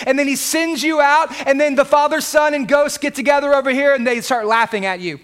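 A middle-aged male pastor delivering an emphatic, repetitive sermon, rising to shouts at his peaks. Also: very high voice, steady tone, a little fast.

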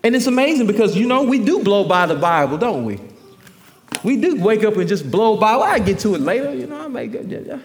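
A man preaching a sermon as pastor, emphatic and repetitive, his voice swelling at times to a shout. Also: sits high, big pitch swings, fairly quick, big-room sound.

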